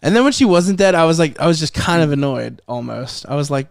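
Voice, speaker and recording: A man hosting a film podcast in casual chat, animated, swearing freely and acting out scenes from the movie. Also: fairly high pitch, fairly quick, creaky, hardly any pauses, dry recording, clean studio sound.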